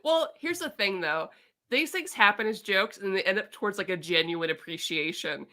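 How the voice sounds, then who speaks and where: A young woman hosting a casual podcast chat, talkative and quick to laugh. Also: mid-range voice, expressive, sharp tone. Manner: chatty, laughs easily. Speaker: podcast host.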